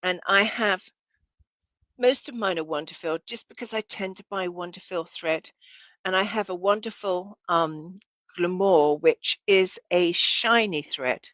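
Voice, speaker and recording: A lower-voiced woman teaches a sewing lesson in a relaxed, chatty way, often correcting herself and checking that viewers can see. The sound is dry and a little dull. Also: a little slow, no room sound. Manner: chatty, self-correcting, asks viewers to look. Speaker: sewing instructor. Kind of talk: casual demonstration lesson.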